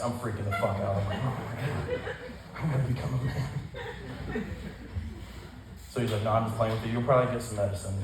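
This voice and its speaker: A man's voice: medium pitch, noisy background. A young man doing a stand-up set at a live benefit show, telling a crude, profane story. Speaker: stand-up comedian. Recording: echoey room, distant mic, audible ambience.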